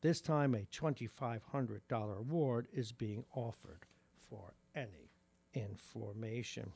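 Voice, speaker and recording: A man's voice: mid-range voice, measured pace, creaky, a little mellow, breathy edge. A man with a New York accent hosting a morning radio show, reading local news with wry asides. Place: radio studio.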